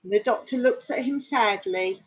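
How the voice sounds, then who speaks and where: A woman hosting a casual live stream from home, telling jokes and chatting in an unhurried way, clearing her throat now and then. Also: fairly high pitch. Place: home in the countryside. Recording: dull lo-fi live stream audio.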